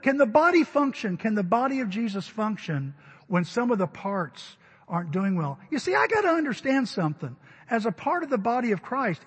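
A man delivers a story-filled sermon, acting out voices and crying out at times. His voice sits high with a husky edge. It rings with the long reverb of a large hall. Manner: animated, acts out quotes and cries out. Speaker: pastor.

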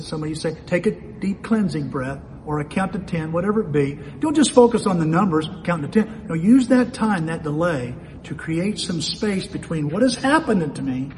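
A man's voice: on the high side, darkish tone. A man preaching a sermon in a folksy way, often asking himself questions aloud. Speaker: pastor. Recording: long reverb of a hall, faint ambient noise.

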